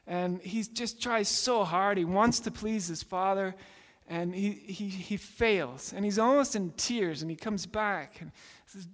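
Pastor guy giving a sermon, kinda high voice, earnest storytelling, lots of restarts, echoing hall. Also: a little slow, fairly bright tone.

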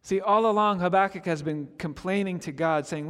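A man preaching a sermon as pastor, expressive, swinging from loud to hushed. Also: sits high, normal speed, hardly any pauses, smooth, big-room sound.

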